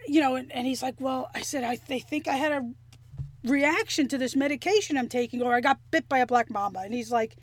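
A woman telling a story in casual chat, animated and profane, acting out the things people said. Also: sits high, brisk, no room sound. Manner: animated, profane, acts out quotes.

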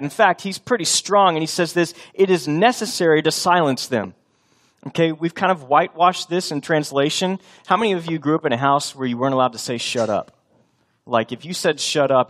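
A man preaching a sermon in a fairly high voice, hammering home his points with emphatic repetition. He drops into acted-out voices when he plays out everyday scenes. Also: lively intonation, moderate pace, a bit bright. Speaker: pastor.

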